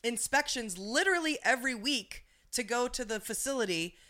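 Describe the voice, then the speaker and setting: Animated and forceful, this podcast co-host talks politics in a loose, profane, rambling way with frequent restarts. She's a woman whose voice sits on the high side and sounds bright, moving at a normal speed.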